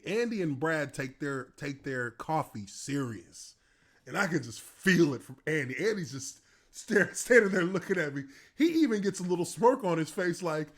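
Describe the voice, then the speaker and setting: A man in his thirties, a former pro football player, telling stories casually and animatedly, laughing and acting out scenes. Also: fairly high pitch. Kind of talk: casual storytelling.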